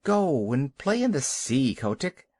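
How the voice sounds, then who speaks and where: A man voicing a gentle, resigned mother seal in a storybook, speaking softly. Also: medium pitch, sing-song, a little slow, no echo. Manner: gentle, soft.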